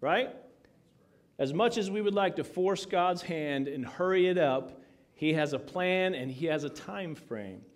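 A man's voice: on the high side, expressive, unhurried. A man, a pastor, preaching a conversational sermon with jokes and frequent asides. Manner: conversational, joking, many asides.

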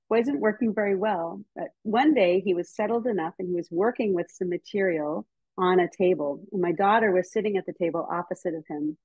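A woman's voice: medium pitch, husky, dry recording. Chatty American woman teaching over video call. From United States. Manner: lively and chatty, with frequent ums. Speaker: speaker on child development. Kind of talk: casual lecture to teachers and parents. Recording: dull, slightly muffled video call audio.

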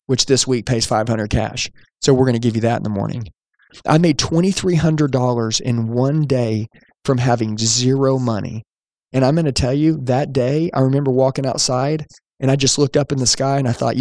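A man's voice: medium pitch, darkish tone, no room sound, studio quality. A man hosting a podcast, telling his own story with energy and emphasis and acting out the dialogue. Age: young adult at the time of the story, now older. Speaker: podcast host, sales trainer. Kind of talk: storytelling monologue.

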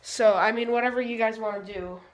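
There's heavy background noise as a teenage girl records a casual phone-camera vlog inside her family home. Her fairly high voice stays fairly even in intonation and moves a little fast while she playfully addresses her dogs and viewers.

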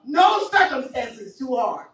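High-voiced woman preaching in an echoey church. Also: sing-song, measured pace. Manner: fervent preaching, rising to shouts, laughing often. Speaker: pastor. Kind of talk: sermon. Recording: echoey church audio from far off.

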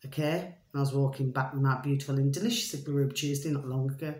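A low-pitched woman rambles through a casual vlog, leaning on fillers and a fond pet phrase for her viewers. Her talk drifts loosely from point to point. The recording has a noticeable roomy echo. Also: steady tone, fast talker, warm tone. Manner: chatty, repetitive, keeps saying "my delicious little babies"; loose and digressive with many fillers. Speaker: vlogger. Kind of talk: rambling casual monologue to camera.

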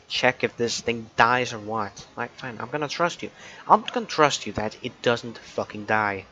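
A man's voice: mid-range voice, bright, forceful tone, highs cut off. A man giving casual gaming commentary, muttering irritably and swearing a lot. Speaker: gameplay commentator. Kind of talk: casual let's play commentary.

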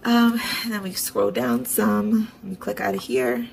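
A woman's voice: fairly high pitch, fairly even intonation, measured pace, slight background noise, low-quality recording. A woman vlogger narrating her budgeting and bill transfers in a chatty, self-talking way, with sarcastic asides. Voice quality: gravelly vocal fry. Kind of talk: casual narration of online banking.

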